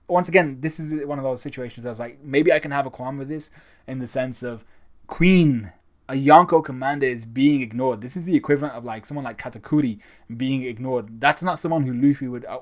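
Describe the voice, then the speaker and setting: A man giving a casual, enthusiastic spoken review of a comic chapter, talking conversationally. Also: medium pitch. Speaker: manga reviewer.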